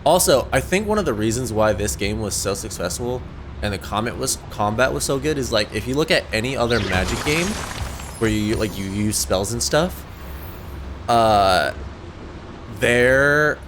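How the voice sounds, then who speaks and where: A man's voice: lowish voice, expressive, moderate pace. A young man casually commenting on a game he is playing, laid-back and rambling with fillers. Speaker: gaming streamer. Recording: voice over noisy game audio. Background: game sounds.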